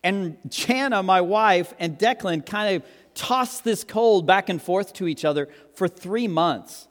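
Animated pastor preaching in a reverberant hall. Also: male voice, a little slow. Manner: animated, joking, acts out quotes with big pitch jumps. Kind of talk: sermon. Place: church hall with long reverb. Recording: reverberant hall, live sermon.

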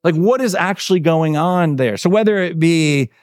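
At a moderate pace, a pastor preaches in an informal, conversational style, leaning on fillers and tag questions and acting out quotes with big swings in pitch. The recording is studio quality with no room sound.

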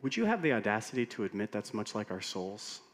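A man preaching as a pastor, telling stories with humor in an animated way. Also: on the low side, brisk, slight background noise. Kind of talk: sermon. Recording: long reverb of a large hall.

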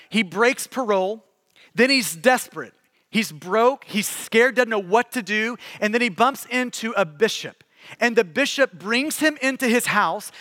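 A man's voice: extremely high pitch, pushed and bright, no room sound, long reverb tail. A male pastor preaching a sermon, telling a story earnestly and building to solemn appeals. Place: church sanctuary.

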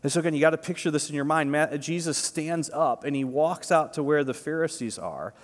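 A man's voice: on the high side, fairly quick. A male pastor giving a conversational sermon, emphatic, with repeated words and frequent "right?" asides. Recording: long reverb of a large hall.

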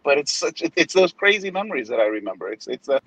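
A man's voice: a little high, quick pace, breathy edge, low-quality recording. A male pastor in his forties telling a story in casual chat, acting out the voices of the people in it. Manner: animated storyteller who acts out quoted voices.

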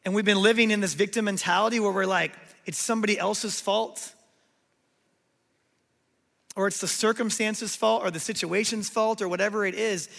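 A male pastor preaching a sermon, telling a story with animated delivery and acting out what people said. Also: high-pitched, normal speed, gravelly, in a large hall.

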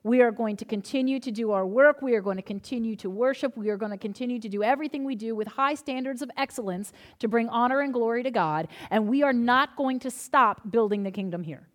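Woman pastor, slightly high voice; chatty storytelling sermon that turns earnest. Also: a little fast, few pauses. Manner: conversational storytelling, then earnest reassurance.

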